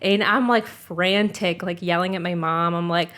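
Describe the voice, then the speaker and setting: A woman's voice: lowish voice, fairly even intonation, measured pace, few pauses, a bit bright. A young adult woman telling a story in casual chat, filled with "like" and casual swearing.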